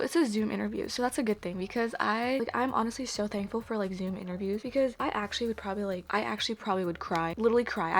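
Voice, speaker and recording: A young woman, chatting casually to camera while doing her makeup, rambling and nervous. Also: medium pitch. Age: 20s. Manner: rambling, filler-heavy, animated and anxious. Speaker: vlogger.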